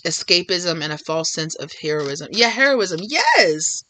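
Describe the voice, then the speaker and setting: A woman talks through a tarot reading in a loose, rambling way, full of fillers. Her voice has a bright, forward edge, and she keeps acting out imagined back-and-forth conversations. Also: on the low side, very animated, measured pace, few pauses, dry recording. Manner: rambling, filler-heavy, acts out imagined dialogue. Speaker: tarot reader. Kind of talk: casual tarot reading to viewers.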